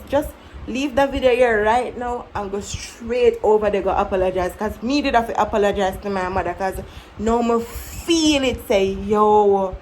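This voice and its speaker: A woman in her twenties speaks with a Jamaican accent in a fairly high voice. She talks to camera in a candid, reflective vlog style and tells her stories with animation. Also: slight background noise, low-quality recording. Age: 20s. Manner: candid, animated, breaks into mimicking her younger self. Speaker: vlogger. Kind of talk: casual reflective storytelling to camera.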